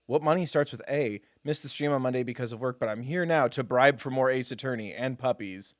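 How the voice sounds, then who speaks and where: A man's voice: medium pitch, fairly quick, no room sound, studio quality. A man streaming a game live, chatting casually with his viewers in a self-deprecating, giggly way.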